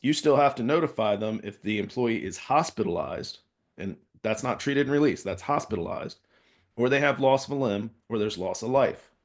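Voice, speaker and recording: A man's voice: mid-range voice, expressive, normal speed. Man teaching safety with constant check-ins. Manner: conversational, peppers points with "all right?" check-ins. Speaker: safety consultant. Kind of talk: workplace safety training talk.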